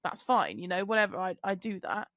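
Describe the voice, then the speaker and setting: A young woman chatting on a podcast, sweary and animated, often jumping into higher voices to mimic the people she talks about. Her voice sits at an ordinary middle pitch. The sound is dry and close, with no room around it. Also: fairly quick, dry recording. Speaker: podcast co-host, truck driver. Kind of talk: casual chat, storytelling.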